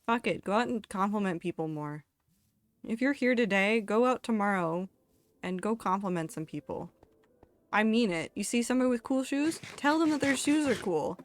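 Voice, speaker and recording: A young woman chats candidly on a live stream, casual and sweary, reading out her chat. Her voice sits at a middling pitch. Soft background music runs underneath. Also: animated, normal speed. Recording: faint music behind.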